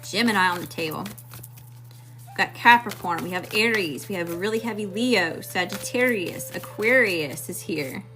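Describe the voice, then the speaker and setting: A woman's voice: mid-range voice, normal speed, music in the background. A woman from Mississippi with a Southern accent, giving a blunt, slangy live tarot reading straight to her viewers. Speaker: tarot reader.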